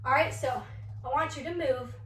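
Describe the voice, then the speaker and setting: A young woman dance teacher leading a children's movement class, coaxing and animated as she talks to young kids. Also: high voice, normal speed, far from the mic, a little hiss or hum. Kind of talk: kids' movement class demonstration. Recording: echoey room, voice away from mic.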